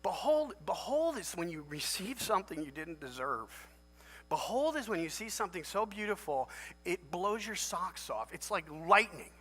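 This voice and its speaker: A man preaching a sermon as pastor, emphatic and animated, jumping to loud high lifts for emphasis. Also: normal speed. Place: large church sanctuary. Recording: long church hall reverb.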